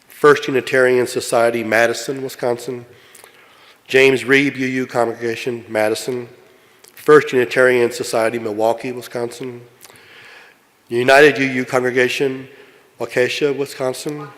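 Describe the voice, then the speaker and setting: A man's voice: mid-range voice, flat delivery, moderate pace, fairly bright tone. A man from Kentucky presiding at a meeting, reading a long list steadily and speaking off-script with many fillers. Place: large meeting hall. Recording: long hall reverb.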